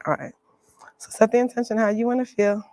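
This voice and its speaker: Her voice is a little high and darkish, her delivery flat and brisk, with no room sound. She's from the Bronx, New York, running a playful, chatty Reiki workshop demonstration in a library room and laughing often.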